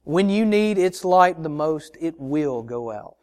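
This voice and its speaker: Pastor, male, fairly high voice, earnest sermon full of questions to the pews. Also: expressive, a little slow, a little mellow. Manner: earnest preaching with repeated rhetorical questions to the congregation; addresses listeners as brothers and sisters.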